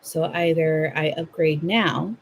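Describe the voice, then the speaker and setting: A woman's voice: sits low, slow, creaky, slight background noise. A young Southern woman hosting a livestream, chatting playfully with viewers while she crochets at home. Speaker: livestream host. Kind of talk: casual chat while crocheting.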